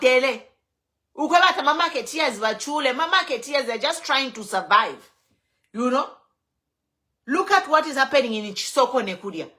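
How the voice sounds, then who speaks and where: Fiery high-voiced Zambian woman. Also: pushed and bright. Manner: fiery, switching between English and Bemba, rhetorical questions. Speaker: online show host. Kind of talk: impassioned political commentary.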